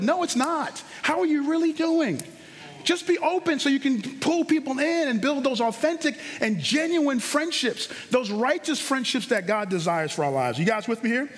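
Fervent high-voiced male preacher. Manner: fervent, punchy, repeats words for emphasis. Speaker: pastor. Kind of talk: sermon. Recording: long hall reverb.

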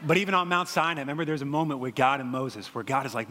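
Pastor, man, 30s: bright, forceful and a touch high; casual, animated preaching, echoing through a big hall. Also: quick pace, hardly any pauses. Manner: conversational, animated storytelling with frequent fillers. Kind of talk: sermon.

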